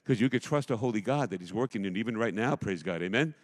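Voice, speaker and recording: A middle-aged man preaching a sermon as pastor, emphatic, swinging between loud declarations and hushed asides. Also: on the low side, expressive, fast talker. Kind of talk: impassioned sermon. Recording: long hall reverb.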